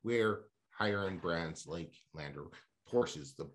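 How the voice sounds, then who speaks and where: A man hosting a casual car podcast, talking in an animated, ranting way. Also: deep voice, a little slow.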